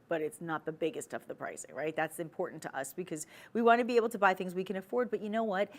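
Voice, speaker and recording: A woman hosting a TV shopping channel, giving a chatty, persuasive sales pitch full of asides from a studio.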